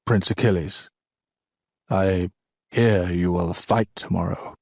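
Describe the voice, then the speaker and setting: A man's voice: deep voice, fairly even intonation, slow, vocal fry, darkish tone, dry recording, studio quality, heavily acted. A man narrating an audiobook, voicing a proud middle-aged king who speaks in a formal, stiff, subdued way. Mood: stiffly formal.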